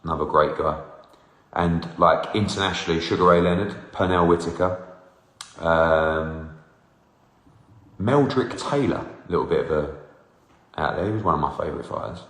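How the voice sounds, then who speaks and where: Reading fans' comments aloud and teasing them, a man in his forties hosts a casual live Q&A. He speaks low and slightly bright at a moderate pace, pausing often. Long reverb fills the roomy recording.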